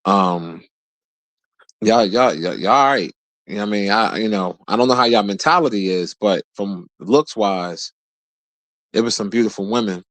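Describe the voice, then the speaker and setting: A man in his forties telling a rambling, profane story in a casual rant, his voice jumping high whenever he quotes someone. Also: moderate pace, no room sound. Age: 40s. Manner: profane, animated, jumps high when quoting people. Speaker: streamer host.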